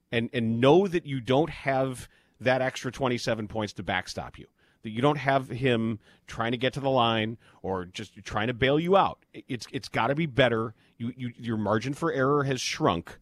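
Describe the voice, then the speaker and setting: A man's voice: medium pitch, no room sound. Blunt man ranting on sports radio. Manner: blunt, exasperated rants. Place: radio studio. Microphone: studio mic.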